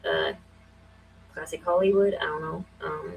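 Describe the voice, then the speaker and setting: A woman in her forties hosting a casual livestream, thinking aloud with many fillers and breaking into quick, emphatic, conspiratorial bursts. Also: low-pitched, very animated, breathy edge, low-quality recording. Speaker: livestream host.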